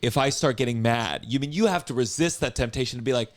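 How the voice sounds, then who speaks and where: A man's voice: mid-range voice, fast talker, no room sound. A male podcast host with a mid-range voice talks in a loose, casual way and swears easily. He asks his guest questions and riffs on the answers. The recording is dry and close. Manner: easygoing, swears freely. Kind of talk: casual interview chat.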